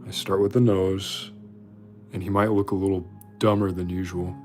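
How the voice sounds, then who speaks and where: A man's voice: deep voice, flat delivery, moderate pace, darkish tone, soft background music. A man casually chatting with viewers while drawing their requests, rambling and self-deprecating.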